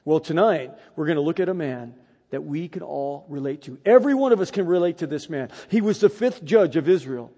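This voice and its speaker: Animated preacher man in echoey hall. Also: a little high, a little fast. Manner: animated storytelling, rising to loud emphatic peaks. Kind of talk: sermon with personal story.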